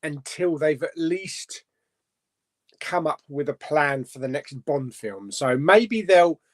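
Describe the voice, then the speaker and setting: A man's voice: on the high side, expressive, slow. A man hosting a casual live stream chat, reading out viewer comments and chatting about them.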